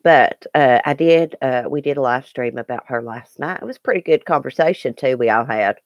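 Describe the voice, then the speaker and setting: A woman's voice: extremely low pitch, fairly quick, dry recording, muffled recording. A woman hosting a casual live stream, chatting earnestly with viewers and replying to their comments. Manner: chatty and earnest, with frequent ums and restarts. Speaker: YouTube live-stream host.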